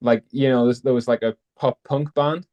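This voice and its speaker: A man's voice: mid-range voice, steady tone, moderate pace, lo-fi sound. A man from North East England, chatting casually and rambling with many fillers. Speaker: participant in an online group chat. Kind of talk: casual chat.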